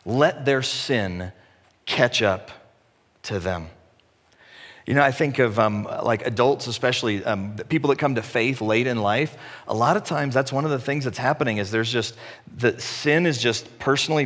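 A man's voice: medium pitch, a little fast, fairly bright tone. A man preaching a sermon as a pastor, in a conversational way with self-deprecating humor. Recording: echoey hall.

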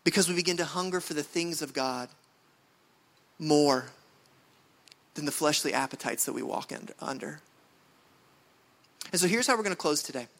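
A man's voice: a little high, normal speed, pauses often, a bit bright. A male pastor preaching a sermon to his congregation in an earnest, conversational way, often repeating phrases. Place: church sanctuary.

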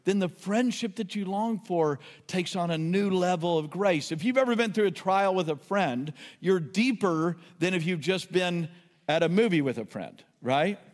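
A man's voice: high voice, lively intonation, normal speed, in a large hall. A man preaching a sermon as a pastor, impassioned, pleading and exclaiming to his listeners.

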